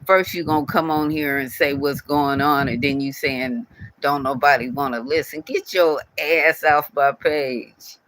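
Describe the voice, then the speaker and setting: Scolding man, bright close voice. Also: a little high, fairly even intonation, unhurried, few pauses, no echo, poor audio. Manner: scolding, repetitive, speaks directly to viewer. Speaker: channel owner addressing a commenter. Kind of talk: casual scolding vlog rant.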